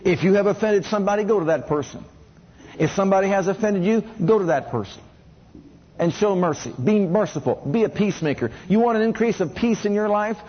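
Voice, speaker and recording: Male preacher, high and breathy-husky, questioning call-and-response sermon, muffled lo-fi recording. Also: lively intonation, a little fast. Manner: asks the congregation questions and has them repeat lines.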